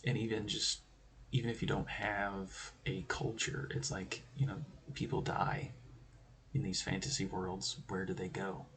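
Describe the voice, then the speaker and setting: A man with a low, gravelly voice talks through tabletop game design in a loose, rambling way. He drifts between points, adds joking asides, and keeps the tone of a casual stream host. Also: flat delivery, measured pace, a bit bright, slight background noise.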